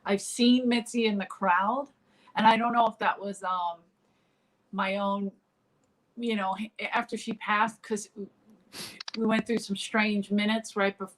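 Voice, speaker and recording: A woman's voice: mid-range voice, steady tone, measured pace, low-quality recording. Rambling woman comedian telling stories. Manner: rambling, full of fillers and restarts. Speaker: comedian guest. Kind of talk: casual interview storytelling.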